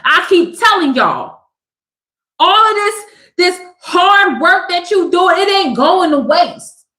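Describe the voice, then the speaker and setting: Emphatic high-voiced woman in an echoey room. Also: very animated, slow, pushed and bright. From Southern California. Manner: emphatic and affectionate, calls listeners baby, repeats phrases. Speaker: spiritual speaker giving collective readings. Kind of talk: motivational card reading to viewers.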